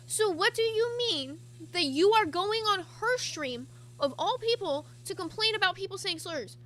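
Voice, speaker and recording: A woman with a very high, bright voice who argues her point with emphatic indignation. She speaks casually among friends. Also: lively intonation, moderate pace. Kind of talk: casual chat.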